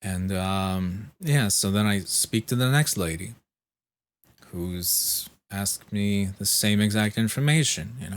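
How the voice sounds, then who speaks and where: A man, sick with a fever and clearing his throat, telling a profane, exasperated story in casual chat and mimicking the people he spoke to. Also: lowish voice, slow pace. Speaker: vlogger.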